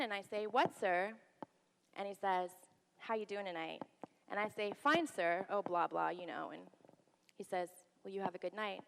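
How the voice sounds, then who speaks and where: A woman's voice: medium pitch, vocal fry. A woman Navy veteran telling a candid personal story on stage, acting out the people she quotes. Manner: candid, quotes others in lively voices. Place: theater stage. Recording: hall reverb.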